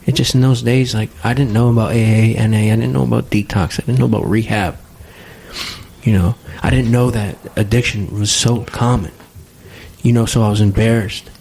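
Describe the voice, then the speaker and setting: A young man speaking as a podcast guest in a candid, earnest conversation, halting often and leaning on "you know". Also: on the low side, steady tone, gravelly, a little mellow, breathy edge. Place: home basement studio.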